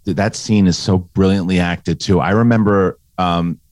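A man co-hosting a podcast in casual review chat, animated, acting out lines he quotes. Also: low voice, normal speed, no echo. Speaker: podcast co-host.

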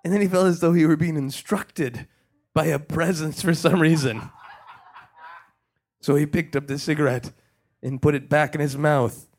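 A man hosting a comedy podcast, improvising a ghost story in a hushed, mock-spooky way. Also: a little high, steady tone, moderate pace, pauses often. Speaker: podcast host.

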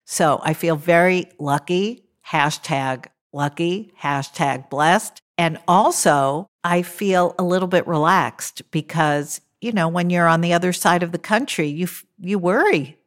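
A woman hosting a podcast, talking in an upbeat, chatty way and drawing out her phrases. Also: on the low side. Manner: upbeat, conversational, slow and drawn out on phrases. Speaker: podcast host. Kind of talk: casual chatty monologue. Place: rented house.

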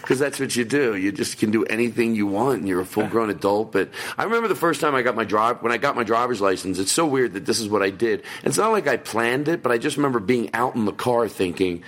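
A man in loose, meandering conversation, often restarting his sentences and breaking into laughter as he tells a story. He is speaking into a small voice recorder set on a table. His pitch sits in an ordinary middle range. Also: animated, quick pace, few pauses, fairly bright tone. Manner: rambling, restarts, laughs while telling stories. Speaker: podcast co-host. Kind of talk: casual chat. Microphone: handheld voice recorder on a table.

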